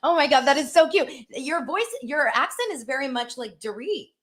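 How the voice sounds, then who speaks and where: A woman's voice: high-pitched, lively intonation, normal speed, fairly bright tone. A middle-aged woman hosting a casual live stream, chatty and upbeat, gushing like a proud mom. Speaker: host.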